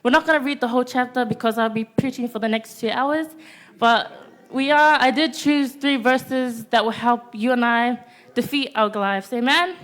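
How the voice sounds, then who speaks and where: A woman's voice: fairly high pitch, moderate pace, fairly bright tone. A teenage girl preaching a youth-service sermon in a church, stopping to ask the congregation "Amen?" after nearly every point. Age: teens.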